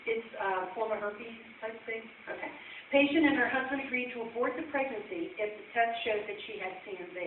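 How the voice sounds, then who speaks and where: A woman presenting nursing case studies at a convention session and quizzing the audience as she goes. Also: on the high side. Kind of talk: conference talk. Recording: echoey hall from far off, phone-like and noisy.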